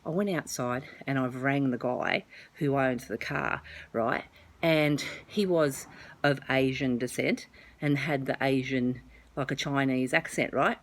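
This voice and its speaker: A woman's voice: rumbling low, measured pace. A middle-aged Australian woman telling a funny family story to her followers in a chatty, self-mocking way, swearing freely. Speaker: vlogger. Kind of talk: casual storytelling to camera.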